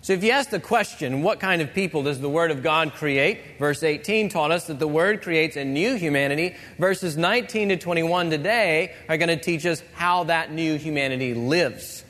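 A man preaching a sermon as pastor, earnest and measured, with pauses. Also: a little high, a bit bright. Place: church sanctuary. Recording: long church reverb.

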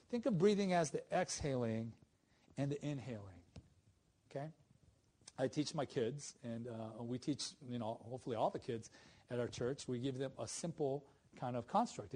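A middle-aged man preaching a sermon as a pastor, conversational and animated, with asides to the congregation. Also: a little high.

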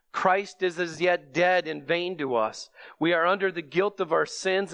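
A man delivers a sermon, earnest and steady, rising into emphatic bursts when he repeats a phrase. His voice sits a little high for a man. The sound is dry and close, with no room around it. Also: dry recording. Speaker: preacher.

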